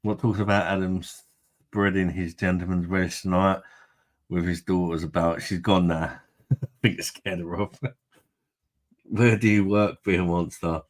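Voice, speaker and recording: A man's voice: deep voice, fairly even intonation, a little slow, pauses often. A man hosting a casual livestream, reading out viewer comments, jokey and rambling, tipsy from beer and laughing often. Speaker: livestream host.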